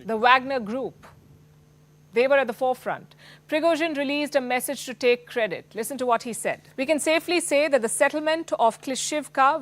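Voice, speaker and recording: A woman with an Indian English accent presenting the news as an anchor, in a pointed, emphatic scripted delivery. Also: a little high.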